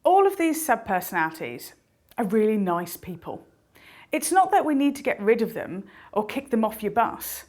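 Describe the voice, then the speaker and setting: A woman explaining inner personalities in a lively, animated motivational talk. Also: a little high. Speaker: speaker on intuition.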